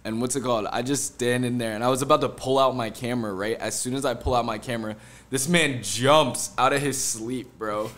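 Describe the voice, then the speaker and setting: A man's voice: medium pitch, steady tone, brisk, a bit bright. A man co-hosting a podcast, telling a story in loose, laughing casual chat and swearing freely. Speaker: podcast co-host.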